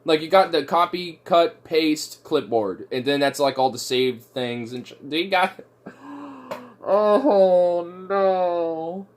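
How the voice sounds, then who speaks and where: A loose, swearing young man with a slightly high voice, chatting casually to his viewers and laughing often. He rambles and drifts between topics. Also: lively intonation, slow pace.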